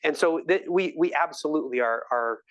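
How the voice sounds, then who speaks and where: A man's voice: fairly high pitch, a little fast, dull audio. A middle-aged man, a physician, answering audience questions at a live lecture with enthusiastic, storytelling energy. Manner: enthusiastic, warm storytelling with laughs. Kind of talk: live grand rounds Q&A.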